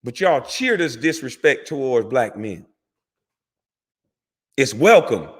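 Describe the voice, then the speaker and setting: Man, former pro athlete, angry preachy rant full of swearing, mid-pitched voice with long reverb behind it. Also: sing-song, slow pace, husky. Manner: heated, profane, preachy, repeats for emphasis. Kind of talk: impassioned rant to camera.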